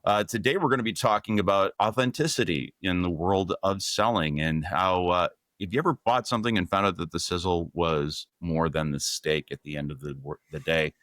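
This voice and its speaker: A man's voice: sits low, a bit bright, no room sound, clean studio sound. A middle-aged man hosting a podcast, upbeat and friendly, moving from a scripted welcome into easy conversation. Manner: upbeat, scripted intro then friendly chat. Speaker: podcast host.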